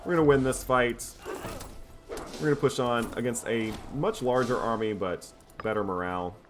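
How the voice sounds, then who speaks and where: A man casually commentating his own strategy game playthrough in a relaxed, wry, self-mocking way. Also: medium pitch, normal speed, soft background music. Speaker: gameplay commentator. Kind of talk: casual let's-play commentary.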